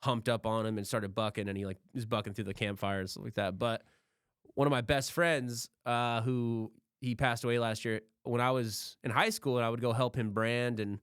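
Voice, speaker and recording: Smooth-voiced laid-back young man. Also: mid-range voice, little pitch movement, moderate pace, fairly bright tone, dry recording, clean studio sound. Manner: laid-back, swears freely. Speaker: podcast co-host. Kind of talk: casual profane storytelling.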